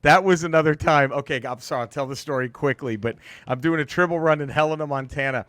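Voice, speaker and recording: A man's voice: on the high side, quick pace, dry recording. A man, a stand-up comedian, telling a story in casual podcast chat, laughing often and acting out the people in it. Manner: animated, laughing storyteller who acts out quotes.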